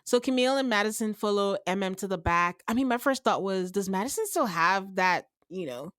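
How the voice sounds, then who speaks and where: A woman hosting a casual podcast recap, telling the story with lively acted-out quotes. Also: a little fast, no echo. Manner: animated storyteller, acts out quotes with big pitch jumps. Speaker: podcast host recapping a reality show. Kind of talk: casual chat.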